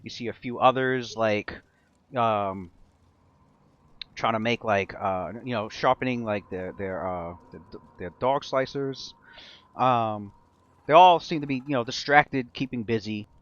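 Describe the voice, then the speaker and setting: A man's voice: medium pitch, measured pace, no room sound, muffled recording. A man narrating a tabletop game as game master, in a rambling way with many restarts. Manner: rambling, full of fillers and restarts.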